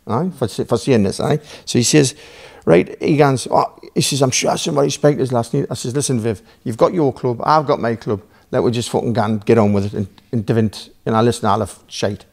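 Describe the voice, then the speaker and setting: A Newcastle man with a Geordie accent, appearing as a podcast guest, tells a long, casual story full of swearing, rambling asides and acted-out back-and-forth dialogue. His medium-pitched voice is gravelly and a little mellow, moving a little fast with hardly any pauses.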